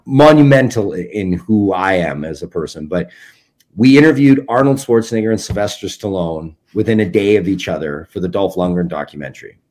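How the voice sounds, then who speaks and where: Man in his forties, documentary filmmaker guest, slightly low pitch, animated anecdotes full of quoted voices. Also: fairly quick. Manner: animated, acts out quoted dialogue. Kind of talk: casual interview storytelling.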